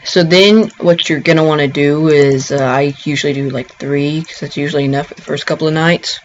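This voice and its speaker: A man narrates a casual gameplay tutorial in a slightly higher voice. He rambles and stops short, filling gaps with ums and restarting his sentences. The recording is dull and lo-fi. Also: steady tone, brisk, a little hiss or hum.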